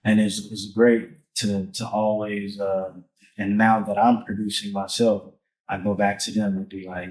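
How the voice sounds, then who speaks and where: Male musician guest, casual and lively, heavy slang and profanity. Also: lowish voice, unhurried, poor audio. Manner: animated, profane, street slang. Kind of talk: casual conversation.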